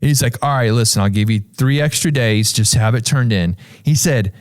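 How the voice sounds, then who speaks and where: A man's voice: fairly quick, no echo, studio quality. A man talking about faith on a church podcast, telling a story and acting out the people in it with sudden jumps in his voice. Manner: animated storyteller, acts out voices with big pitch jumps. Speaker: pastor. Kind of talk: casual church podcast conversation.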